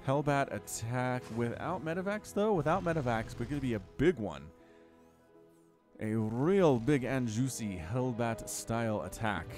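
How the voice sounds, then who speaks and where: Male esports caster, solo play-by-play, animated pitch, rambling and self-mocking, music bed underneath. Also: a little slow. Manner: chatty, rambling, self-deprecating jokes. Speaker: game commentator.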